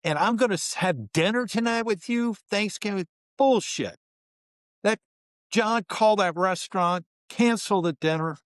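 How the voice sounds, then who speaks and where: A man's voice: sits high, unhurried, dry recording, clean studio sound, pitched above the performer's own voice. Man acting out a furious swearing coach. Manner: shouting, swearing, berating. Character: gruff furious veteran male basketball coach.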